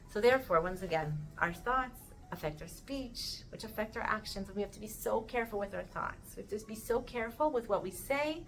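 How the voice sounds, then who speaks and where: A woman teaching a weekly Torah lesson in a casual, animated way, acting out the voices she quotes. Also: mid-range voice, brisk, rough recording.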